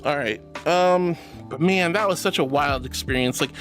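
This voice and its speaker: A woman's voice: sits low, normal speed, soft background music. A young woman streaming as a VTuber, chatting casually and affectionately thanking viewers by pet names. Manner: bubbly and affectionate, calls viewers sweetie. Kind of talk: casual live-stream chat, reading viewer messages.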